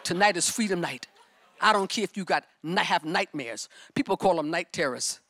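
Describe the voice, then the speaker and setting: Fervent, bright-voiced woman preaching. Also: lowish voice, lively intonation, moderate pace, dry recording. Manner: fervent and emphatic, breaking into shouts. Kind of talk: sermon with personal testimony.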